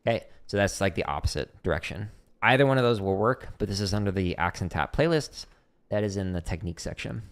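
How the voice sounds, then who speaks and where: A man's voice: low voice, expressive, fast talker. A man teaching drum rudiments on a casual livestream, thinking aloud and counting beats, with drums playing behind him. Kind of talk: casual livestream drumming lesson. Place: home practice room.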